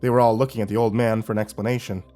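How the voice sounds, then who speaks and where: A man narrating a horror story in a steady storytelling delivery. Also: lowish voice, rapid-fire, soft background music.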